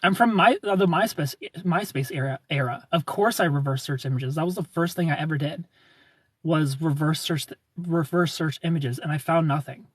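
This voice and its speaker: A man's voice: fairly high pitch, moderate pace, dry recording. A young man hosting a livestream, chatting casually and rambling animatedly while he reads viewer comments. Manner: animated, rambling with repeated phrases and laughs. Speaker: livestream host.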